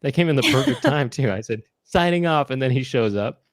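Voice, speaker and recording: A man's voice: medium pitch, lively intonation, quick pace, no room sound, studio quality. A man co-hosting a show, riffing playfully in casual comedic banter. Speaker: co-host.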